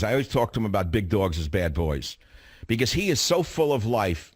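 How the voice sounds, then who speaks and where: An older man with a New York accent tells a story straight into the mic in a dry, close sound. He sounds animated and indignant, jumping from loud outbursts down to low, muttered asides. His pitch sits in the ordinary middle for a man. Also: brisk, husky, dry recording. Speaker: radio host. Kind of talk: monologue storytelling.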